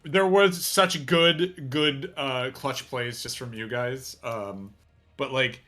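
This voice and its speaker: A man's voice: mid-range voice, slow, bright, forceful tone, faint music behind. A male interviewer asking players long-winded questions full of ums after a match.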